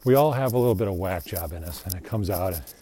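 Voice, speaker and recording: A man's voice: deep voice, lively intonation, fast, dark tone, slightly rough. A man hosting his own podcast, talking in a rambling, reflective, self-deprecating monologue. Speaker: podcast host.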